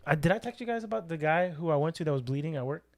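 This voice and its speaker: A man hosts a casual podcast and tells a story with plenty of energy. His voice sits a little high for a man. He laughs often as he talks. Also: animated, rapid-fire. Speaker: podcast host.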